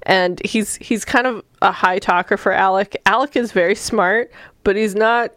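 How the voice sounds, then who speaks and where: A woman chatting casually about a film, retelling the plot in a lively way and acting out the characters' lines. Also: medium pitch, moderate pace, no echo, studio quality. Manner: animated, acts out characters' lines with swearing.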